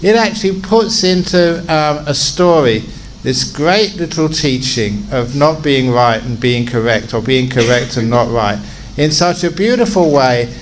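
A middle-aged man giving a storytelling talk to his regular audience, expressive and humorous. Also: medium pitch, measured pace, slight background noise. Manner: warm-humoured, expressive storyteller. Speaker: meditation teacher giving regular talks.

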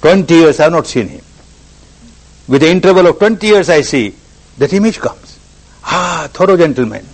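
A man's voice: a little high, animated, normal speed, pauses often, low-quality recording. A man giving a meditation talk, repeating phrases for emphasis as he tells an example story. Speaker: meditation teacher. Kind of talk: spiritual discourse.

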